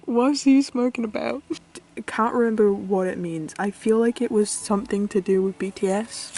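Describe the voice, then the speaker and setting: A woman's voice: mid-range voice, moderate pace. A young woman from the UK chatting casually as a vlogger, giggly and self-mocking, often trailing off into mutters. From United Kingdom. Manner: squeals with excitement at finds. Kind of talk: casual chat. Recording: faint music behind.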